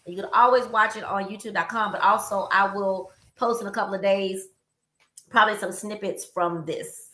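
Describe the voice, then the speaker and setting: A woman's voice: mid-range voice, steady tone, normal speed, bright, forceful tone, echoey room. A woman hosting a live online interview, chatty and upbeat, with plenty of fillers. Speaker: host.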